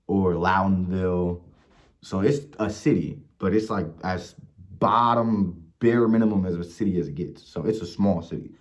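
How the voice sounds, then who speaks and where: A young man from Ohio with a very low voice tells stories in a loose, profane vlog rant. He gets animated and acts out the people he quotes. The recording sounds dull and lo-fi. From Mansfield, Ohio. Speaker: vlogger. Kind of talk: casual storytelling rant.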